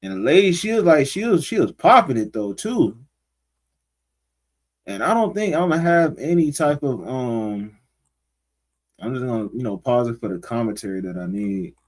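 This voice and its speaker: A man's voice: mid-range voice, animated, moderate pace, long pauses. A man hosting a casual livestream, reading out viewers' comments and reacting to them in loose, slangy talk aimed straight at his audience. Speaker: livestream host.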